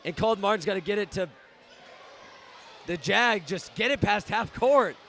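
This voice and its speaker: A young man doing live play-by-play for a high school basketball game, often shouting in outrage at the referees. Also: moderate pace, gravelly, slight background noise. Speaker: student play-by-play commentator.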